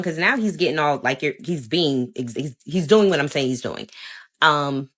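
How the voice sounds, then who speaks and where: Woman doing a storytime, low voice, lively and emphatic, talks right to the camera. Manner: animated, emphatic, talks straight to viewers. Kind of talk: casual storytime vlog.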